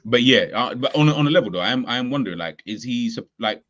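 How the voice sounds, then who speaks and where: A man's voice: medium pitch, animated, fast, fairly bright tone, dull audio. A man ranting animatedly in a casual football chat, full of slang. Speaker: podcast guest.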